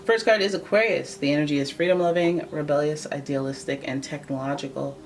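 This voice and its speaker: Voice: mid-range voice, fairly even intonation, brisk. A tarot reader from Canada, giving a casual, joking reading to camera and thinking aloud. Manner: chatty, joking, thinks aloud and corrects itself. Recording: voice a little far from the mic, faint background noise.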